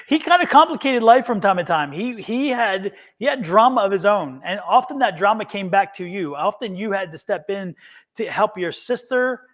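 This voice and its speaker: A high-pitched man reads tarot on a live stream, speaking earnestly and reassuringly. He often stops mid-phrase, repeats himself and starts over. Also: fairly bright tone. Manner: halting, many restarts and repeated words. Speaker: tarot reader. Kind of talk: live-streamed psychic reading.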